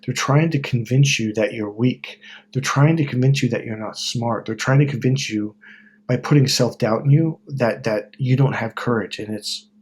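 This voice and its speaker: A man's voice: medium pitch, moderate pace, a little hiss or hum. A man from Wisconsin talking to camera in a rambling, profane, self-correcting monologue about self-help. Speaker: self-help video host. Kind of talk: casual monologue.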